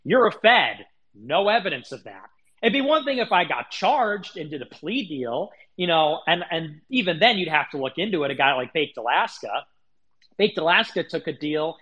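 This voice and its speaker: A man's voice: a little high, sing-song, normal speed, sharp tone, dull audio. A man hosting a livestream, delivering a heated, indignant monologue full of swearing and restarts. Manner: indignant, profane, repeats himself. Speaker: livestream host.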